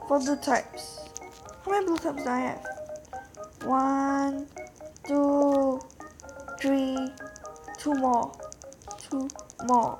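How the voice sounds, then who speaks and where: A woman giving casual, excitable commentary while playing a game, talking to her viewers and often gasping. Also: high-pitched, very slow, pauses often, over music. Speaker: gameplay narrator.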